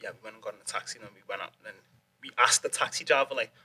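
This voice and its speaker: A young man tells a story in loose, rambling casual chat, swearing freely and laughing often. His voice is bright and forward and sits at a middle pitch. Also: rapid-fire. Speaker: guest, MMA fighter.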